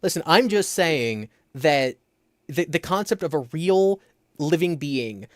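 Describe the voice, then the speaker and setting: A man hosting a casual livestream, telling a story with animated energy and quick put-on voices. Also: fairly high pitch, no echo, studio quality. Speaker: host.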